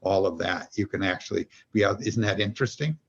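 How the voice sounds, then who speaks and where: A man's voice: sits low, brisk, husky, lo-fi sound. A man as a podcast guest and executive coach, talking in an earnest, meandering way and explaining his ideas through everyday examples. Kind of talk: reflective conversational storytelling.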